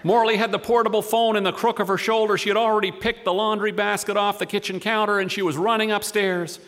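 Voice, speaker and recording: A man reading a humorous story aloud with a wry, deadpan delivery. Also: sits high, fast talker.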